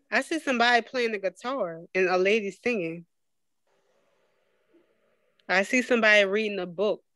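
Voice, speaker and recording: A woman reading a picture book aloud to children, slowly and expressively, stopping to ask them questions. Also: medium pitch, fairly bright tone, no room sound. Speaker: guest reader.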